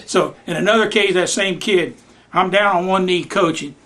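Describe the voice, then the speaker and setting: Older guy spinning yarns at his house, voice sits kinda high. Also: normal speed, fairly bright tone. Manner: folksy Southern storyteller, acts out voices in his anecdotes. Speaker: retired youth baseball coach. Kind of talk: storytelling in a home visit. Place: living room of his house.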